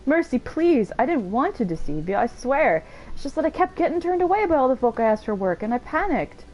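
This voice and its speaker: A woman's voice: high voice, big pitch swings, a little fast, a little mellow, pitched above the performer's own voice, rough recording. A woman voicing a desperate young male liar who rambles pleading excuses, reading game dialogue in her own voice.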